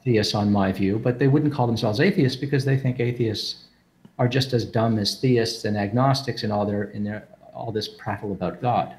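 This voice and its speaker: A man's voice: fairly low pitch, steady tone, moderate pace, a little mellow. A man explaining philosophy in a casual group talk, thinking aloud with restarts and repeated words over an online call.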